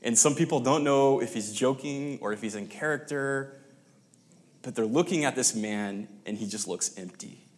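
A man preaching a sermon, telling a story with pauses and restarts and dropping to near-whispers. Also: medium pitch.

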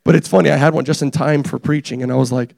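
A young man preaching a casual, energetic sermon, joking and teasing the congregation as he tells stories about his family. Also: a little high, quick pace, creaky, no echo, studio quality. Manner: animated, joking, self-deprecating. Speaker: pastor.

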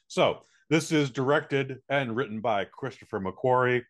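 A male podcast co-host talks through a movie review in loose, rambling chat. He jokes and swears freely, with a voice of ordinary, middling pitch. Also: unhurried, hardly any pauses. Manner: profane, rambling, joking.

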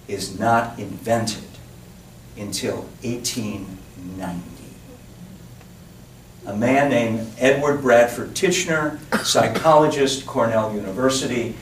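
A man giving a public lecture in a digressive, chatty way, full of asides and restarts. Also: mid-range voice. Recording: roomy echo, distant mic, faint hiss.

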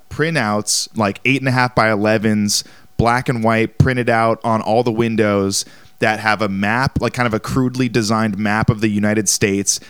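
A man's voice: lowish voice, fairly bright tone, smooth, dry recording. A man telling a comedic story in a casual, rambling way, leaning heavily on the filler "like". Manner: rambling, heavy use of "like".

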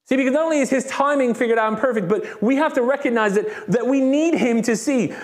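Man, pastor, high voice, sermon, animated conversational delivery, call-and-response. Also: fast talker. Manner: lively, conversational preaching, acting out quoted voices; asks the congregation for call-and-response. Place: church service.

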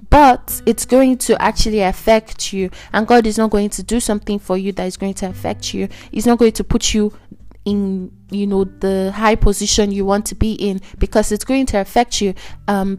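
A young woman in her twenties talks through a personal faith testimony on her podcast, her voice sitting at an ordinary middle pitch. She is chatty and emotional, looping back on her words with plenty of fillers. Soft music plays faintly underneath. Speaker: podcast host.

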